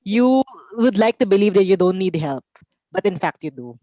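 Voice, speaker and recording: A woman's voice: medium pitch, expressive, normal speed, warm tone, dry recording. A woman with a Filipino accent, a teacher, speaking thoughtfully and a little tentatively on a video call. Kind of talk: casual webinar chat.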